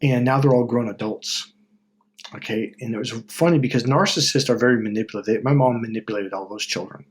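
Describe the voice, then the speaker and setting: A middle-aged man hosting a self-help video in a casual, blunt monologue, swearing freely and breaking into loud mocking voices when he quotes people. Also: mid-range voice, a little fast, a little hiss or hum.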